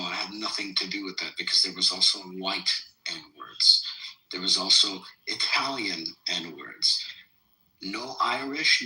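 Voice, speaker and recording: A man in a heated podcast debate, lecturing and profane. His voice sits a little low but cuts through with a hard, sharp edge. The room gives him a noticeable echo. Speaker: podcast host. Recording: roomy echo.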